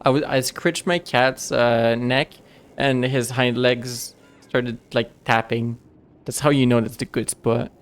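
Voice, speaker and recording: This man's medium-pitched, steady voice carries a live game stream full of casual, rambling chat. He keeps stopping to restart his thoughts and leans on plenty of fillers.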